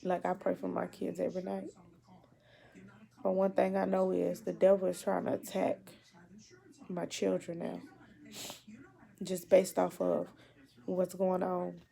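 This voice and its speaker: Gravelly emotional woman, halting speech. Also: fairly low pitch, completely flat delivery, dark tone. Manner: emotional, halting, repeats herself. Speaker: mother. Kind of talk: personal video diary.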